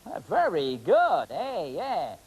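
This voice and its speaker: A man's voice: high-pitched, wildly swooping pitch, slow pace, breathy edge, muffled recording. A man working as a stage magician, bantering in a joking, rambling way with volunteers on stage. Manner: joking, rambling, teasing, full of ums. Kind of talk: comic stage patter with volunteers.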